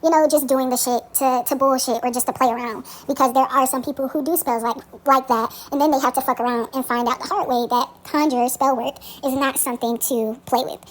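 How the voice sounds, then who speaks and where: 一位女性以随意的口吻一步步讲解一个灵性咒语的做法，常带"嗯"，偶尔说粗话。. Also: female voice, sits high, a little fast, few pauses, poor audio. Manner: relaxed, frequent ums, occasional swearing. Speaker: spiritual practitioner teaching a spell. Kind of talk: casual spoken tutorial.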